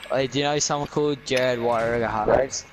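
A man's voice: mid-range voice, steady tone, noisy background. A young Australian man with a teasing, swearing manner, bantering with friends on a headset while gaming. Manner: teasing, swearing, rapid back-and-forth. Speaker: gamer on voice chat. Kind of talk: casual banter while playing.

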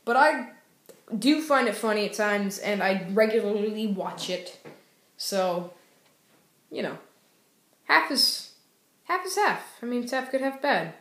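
Medium in pitch and heard in a roomy space, a young YouTube reviewer chats casually about TV shows. She's goofy and playful, now and then breaking into sing-song cheers.

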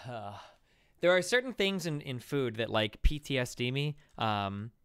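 A man hosting a casual podcast, telling stories in a profane, animated way and acting out the quotes. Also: medium pitch, a little slow, clean tone, dry recording. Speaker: podcast host. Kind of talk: casual chat.

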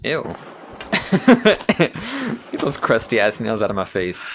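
A man's voice: on the low side, takes it slowly, vocal fry, background noise. A young man giving profane, sarcastic let's-play commentary while gaming. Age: young adult. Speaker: gamer.

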